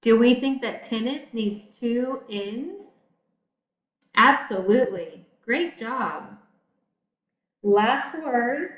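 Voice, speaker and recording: A woman teacher giving a recorded spelling lesson, talking slowly and encouragingly to young students. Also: fairly high pitch, animated, fairly bright tone. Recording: echoey room, dull lo-fi audio.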